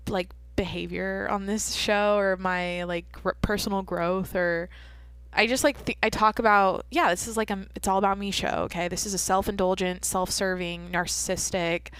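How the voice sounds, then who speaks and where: A woman's voice: medium pitch, fairly bright tone, clean tone, no echo. A young woman hosting her own podcast, telling a long rambling story full of swearing and self-interruptions. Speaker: podcast host. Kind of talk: casual solo podcast monologue. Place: home at night.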